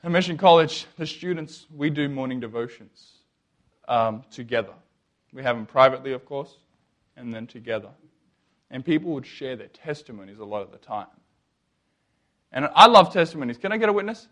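A young man telling his faith story to an audience, animated and jokey, acting out the lines of the people he quotes. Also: mid-range voice, moderate pace, pauses often. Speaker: speaker. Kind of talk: testimony talk to an audience.

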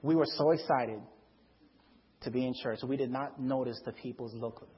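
A man preaching a testimony sermon to a congregation in a church. He tells his story as an animated storyteller who acts out voices and shouts for emphasis. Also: medium pitch, normal speed, in a large hall, highs cut off, background noise. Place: church before a live congregation.

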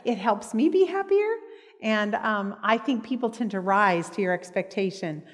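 A woman's voice: mid-range voice, animated, moderate pace. Heartfelt woman speaking in a hall. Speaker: speaker at a church meeting. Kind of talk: preaching talk with personal stories.

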